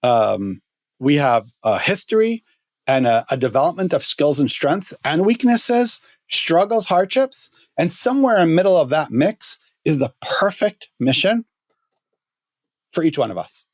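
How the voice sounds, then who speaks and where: A man telling a story as a guest on a podcast, halting with many restarts. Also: a little high, very animated, no room sound, clean studio sound.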